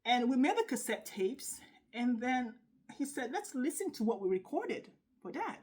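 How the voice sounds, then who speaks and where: A middle-aged woman giving an earnest, faith-based motivational talk as a sales coach, speaking emphatically with dramatic pauses like a preacher. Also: a little high, big pitch swings, darkish tone.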